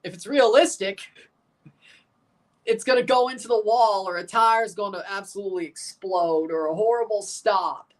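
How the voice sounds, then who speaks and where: A man's voice: sits high, normal speed. Rambling, sarcastic male streamer. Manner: rambling, sarcastic, swears freely. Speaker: streamer hosting a watchalong. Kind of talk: casual live reaction chat.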